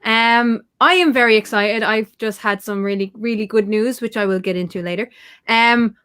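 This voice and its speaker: Bubbly woman hosting a live chat show, fairly high voice, quick to laugh. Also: a bit bright, clear, resonant tone. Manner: bubbly, chatty, laughs often. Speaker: host. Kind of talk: casual livestream chat.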